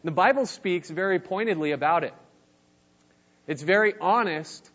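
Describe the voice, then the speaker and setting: A man's voice: high voice, moderate pace, a bit bright, muffled recording. A young man from New Mexico, a youth pastor giving a casual sermon with easygoing, self-deprecating storytelling. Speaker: youth pastor, guest speaker.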